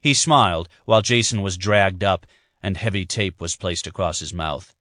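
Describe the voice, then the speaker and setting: Reading scripted narration for a thriller audiobook, this male voice stays steady and measured. It sits low, captured close and dry, with no echo or room sound.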